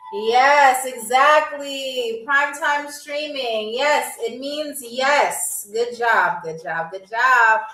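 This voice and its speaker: Female live-stream game show host, high-pitched, unhurried, teasing, echoey room. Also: bright, forceful tone. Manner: playful, teasing chat with viewers.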